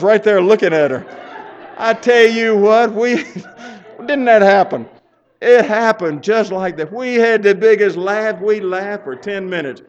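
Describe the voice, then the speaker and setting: An older man preaching a folksy sermon, telling stories and building up to loud urging. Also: on the high side. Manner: storytelling, chuckling, rising to loud exhortation. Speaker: pastor. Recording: muffled lo-fi sound.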